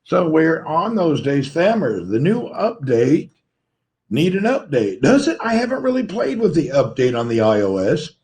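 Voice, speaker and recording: Livestream host, American man with a Southern accent, sleep-deprived and slightly crackly, greets his viewers in a relaxed, chatty way. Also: a little high, unhurried. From Tennessee, USA. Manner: friendly, greets viewers one by one. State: tired, voice a little crackly from poor sleep. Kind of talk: casual livestream chat, reading out viewer comments.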